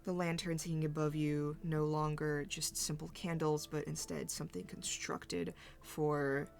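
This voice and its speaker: A woman narrating a tabletop role-playing game as game master, halting and searching for her words as she describes scenes. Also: sits low, level tone, gravelly.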